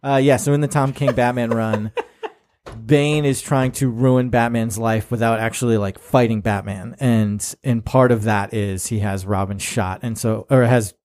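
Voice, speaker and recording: A man's voice: mid-range voice, fairly even intonation, a little slow, darkish tone. Man, podcast co-host, enthusiastic, rambling, casual chat.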